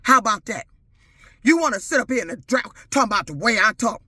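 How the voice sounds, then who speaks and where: A woman's voice: fairly high pitch, animated, fairly quick, pushed and bright, husky, no room sound. A middle-aged woman, ranting angrily and profanely to her camera as a vlogger. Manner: furious, profane, confrontational. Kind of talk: angry rant to camera.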